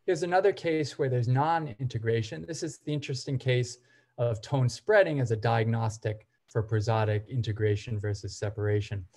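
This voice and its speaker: Man, academic seminar lecture, methodical, mid-range pitch, some "uh" fillers. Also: darkish tone. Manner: methodical, explains step by step while walking through examples; occasional hesitation fillers. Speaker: seminar presenter.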